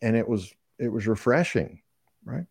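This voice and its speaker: A man in his sixties, a podcast guest who tells stories in a relaxed conversational way and laughs often. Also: mid-range voice, moderate pace, vocal fry, breathy edge, no room sound, clean studio sound. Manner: warm storyteller, laughs often. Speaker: guest speaker.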